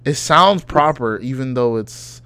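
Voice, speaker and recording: A man's voice: mid-range voice, lively intonation, a little slow, bright, forceful tone, smooth, no echo. A man co-hosting a casual podcast chat, loose and profane, joking and reacting with disbelief. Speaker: podcast co-host.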